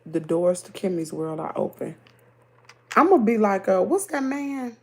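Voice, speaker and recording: A middle-aged woman with a Southern American accent hosts a livestream, chatting casually and reading viewer comments in a lively, talkative way. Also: medium pitch, a little slow. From Southern United States. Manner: chatty, animated, laughs easily. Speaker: livestream host.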